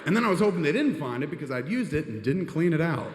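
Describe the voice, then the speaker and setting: A man telling a long comedic story on a live stage, rambling, profane and animated. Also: on the high side, fast talker, echoey room, in a large hall, background noise.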